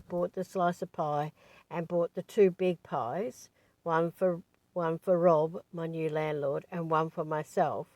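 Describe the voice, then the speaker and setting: A woman's voice: sits low, darkish tone, no room sound. A woman, a spiritual teacher, talking in a chatty, digressive way, full of asides. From Australia. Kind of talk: casual rambling monologue.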